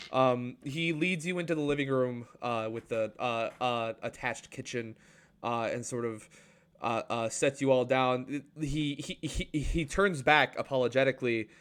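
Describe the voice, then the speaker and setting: Slow, halting male game master. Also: medium pitch, steady tone, a bit bright, clean tone. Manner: halting, full of fillers and restarts. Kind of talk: narrating a tabletop game.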